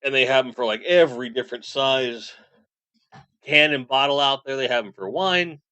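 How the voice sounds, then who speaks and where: A man's voice: mid-range voice, normal speed, pushed and bright, clean tone, no echo. A man in his forties chatting casually on a live stream, reading chat messages aloud and rambling. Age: 40s.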